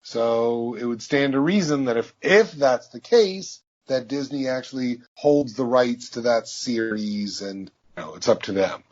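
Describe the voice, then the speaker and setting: A man, a voice actor being interviewed, telling stories in a relaxed, anecdotal way. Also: medium pitch, a little slow, hardly any pauses. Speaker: voice actor guest. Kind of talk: interview answers, storytelling. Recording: dull lo-fi audio.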